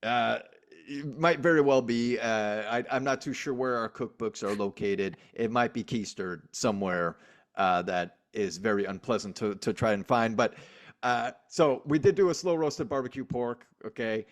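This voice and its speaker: A man's voice: medium pitch, moderate pace. A man co-hosting a sports podcast, chatting casually with lots of energy and frequent laughter. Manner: energetic, emphatic, laughs often. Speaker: podcast co-host. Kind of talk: casual chat.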